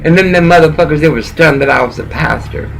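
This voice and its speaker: A high, gravelly-voiced man preaching in a slow, rambling rant. He swears freely as he lectures a listener. A faint hum sits behind him. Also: a bit bright, rough recording. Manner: rambling, profane, lecturing someone directly. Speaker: pastor.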